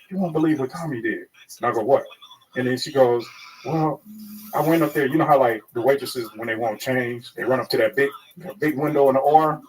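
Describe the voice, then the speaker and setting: Storytelling man, distant mic. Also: medium pitch. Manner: animated, crude, acts out quotes. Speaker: comedian. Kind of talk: casual storytelling.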